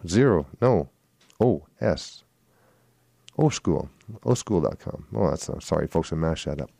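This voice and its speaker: A man's voice: low voice, moderate pace, vocal fry, mellow, dry recording. A man hosting a swing music radio show, reading event listings in a rambling way and correcting his own slips. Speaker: radio host. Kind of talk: casual radio announcements.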